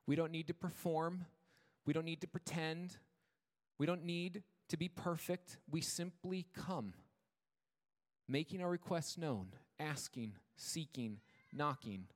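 Earnest male pastor in echoing hall. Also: fairly high pitch. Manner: measured, earnest preaching with slowed emphasis on repeated words. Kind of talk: sermon. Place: church sanctuary. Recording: long reverb of a church hall.

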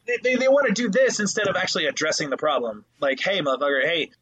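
Male podcast co-host, husky and bright, animated and foul-mouthed storyteller. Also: high voice, quick pace, highs cut off. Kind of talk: casual podcast chat.

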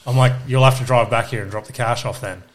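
A man's voice: medium pitch, steady tone, quick pace. A young Australian man, a podcast co-host, telling stories in casual chat, swearing freely and acting out what people said.

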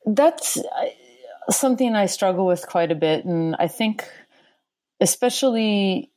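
A woman with an American accent, a guest on a discussion panel, answering in a reflective, measured way. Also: mid-range voice, expressive, mellow, no room sound.

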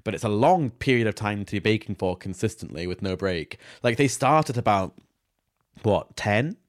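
A man co-hosting a podcast in casual, chatty talk, hesitant at times and quick to laugh. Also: lowish voice, animated, no echo, clean studio sound. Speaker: podcast co-host. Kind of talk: casual chat.

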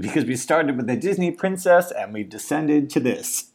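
A man's voice: mid-range voice, very animated, moderate pace, hardly any pauses. A man with an Australian accent hosting a podcast, introducing the next storyteller with a wry, light touch. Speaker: podcast host.

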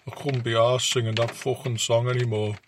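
A man's voice: medium pitch, flat delivery, a little fast, a little hiss or hum, close to an everyday voice. A man voicing the whispered, fed-up ghost of a male pop singer with a Scouse accent.

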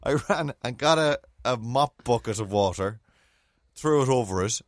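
Man, Irish Mayo accent, casual podcast chat, animated storyteller, dry close sound. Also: medium pitch, normal speed, dry recording. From Mayo, Ireland. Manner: animated, laughing storyteller with exclamations. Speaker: podcast co-host.

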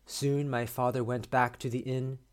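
A man hosting a podcast, reading a short story aloud in a measured, steady way. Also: mid-range voice. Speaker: podcast host.

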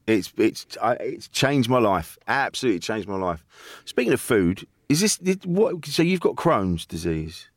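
A man's voice: on the low side, very animated, moderate pace, no echo, studio quality. A man hosting a podcast in casual chat, chatty and swearing freely, with many restarts. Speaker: podcast host.

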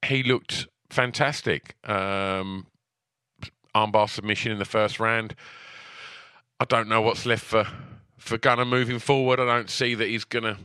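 A man co-hosting a podcast, talking casually in a halting way with many ums and some dry teasing. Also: fairly low pitch, level tone, sharp tone, smooth, no room sound. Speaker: podcast co-host. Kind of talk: casual chat.

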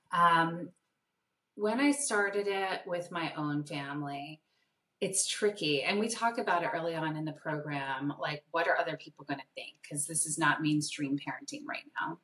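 A woman parenting coach answering interview questions in a lively way, acting out the voices in her stories. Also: low-pitched, moderate pace. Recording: echoey room, distant mic.

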